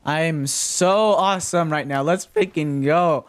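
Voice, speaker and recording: A man's voice: on the high side, measured pace, hardly any pauses, a little hiss or hum. Frantic, jokey young man gaming. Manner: frantic, jokey, repeats himself, yelps when startled. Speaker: gaming commentator. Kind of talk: casual gameplay commentary.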